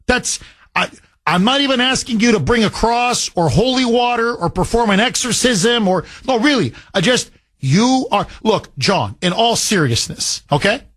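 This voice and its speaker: With an animated, fairly high and somewhat bright voice at a moderate pace, this radio talk show host makes his case with passion on a call-in program. He's argumentative and dramatizes imagined dialogues, in a dry recording.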